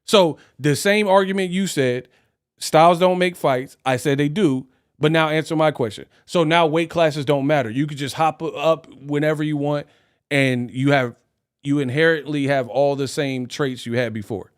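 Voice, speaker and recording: A man's voice: fairly high pitch, normal speed, clean tone. A man hosting a live stream, ranting animatedly in casual talk and laughing often. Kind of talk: casual reaction rant.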